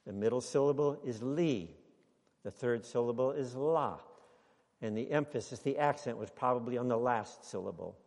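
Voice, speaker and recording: A man preaching a sermon to a congregation, speaking deliberately and building to emphatic exclamations. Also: mid-range voice, a little mellow, big-room sound. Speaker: pastor.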